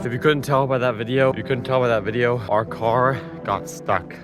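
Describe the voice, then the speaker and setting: A man's voice: medium pitch, normal speed. Young guy ranting thru a funny storytime, lots of cussing, mid voice, music going behind him. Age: young adult. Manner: profane, animated, exaggerating for laughs. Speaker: vlogger. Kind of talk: comic storytime narration. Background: clear background music.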